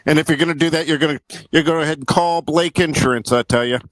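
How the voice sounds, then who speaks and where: A man hamming up a folksy northern-US insurance pitchman. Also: very fast, no echo, close to an everyday voice, low-quality recording. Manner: hammy, jumbled mock accent with folksy fillers. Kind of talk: joke ad read.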